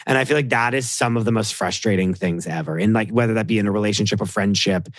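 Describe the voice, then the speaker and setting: A man's voice: lowish voice, quick pace, no room sound. Male podcast guest, rambling casual talker, dry close sound. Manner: rambling, heavy use of "like", animated quoting of others. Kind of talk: casual chat.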